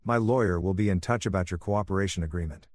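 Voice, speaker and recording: A man voicing a betrayed husband who speaks with calm, controlled menace, in a dry, close recording. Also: low-pitched, fast talker, dry recording, close to an everyday voice. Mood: menacing. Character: cold, vengeful betrayed husband, adult man.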